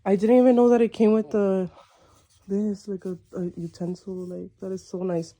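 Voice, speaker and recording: A young woman films herself opening a package, words tumbling out in breathless delight. Her voice is very warm and mellow, with no edge to it. She keeps circling back to exclamations and filler words as she goes. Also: mid-range voice, flat delivery, moderate pace. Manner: gushing, breathless, lots of "like" and "oh my gosh". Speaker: vlogger. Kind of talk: excited unboxing vlog.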